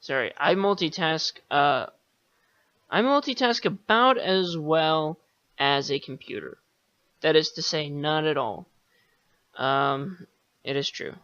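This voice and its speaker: Male podcast host, bright tone, dull lo-fi sound, rambling sarcastic monologue. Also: fairly high pitch, slow pace, pauses often, clean tone, no echo. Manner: meandering, sarcastic, swears casually, many fillers.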